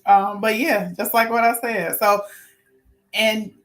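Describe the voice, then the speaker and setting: A woman's voice: mid-range voice, flat delivery, slow pace, fairly bright tone. A woman hosting a casual spiritual talk, earnest and informal, often restarting sentences as she works through her points. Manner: rambling, restarts, talks herself through points. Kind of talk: casual spoken talk with notes.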